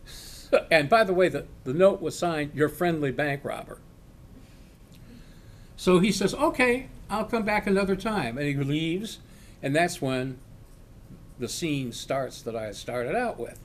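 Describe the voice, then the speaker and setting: An older man, a retired law professor, slowly telling a personal story and acting out the shouts in it. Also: mid-range voice, a little hiss or hum. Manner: slow, animated storyteller acting out quoted shouts. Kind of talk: oral history storytelling.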